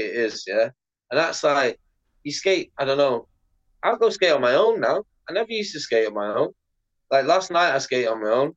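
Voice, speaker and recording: A man speaks in a loose, animated podcast chat, swearing freely and scattering "like" through every thought. His voice sits at an ordinary middle pitch. The recording sounds dull and lo-fi. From Britain. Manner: animated, heavy swearing, lots of "like" fillers. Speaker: podcast guest, pro skateboarder. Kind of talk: casual podcast interview.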